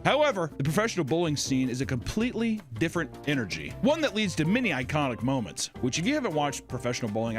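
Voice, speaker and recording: Animated, swearing man hosting commentary. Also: mid-range voice. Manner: animated, swearing, laughing, loud outbursts. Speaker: host. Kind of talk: casual commentary with narration.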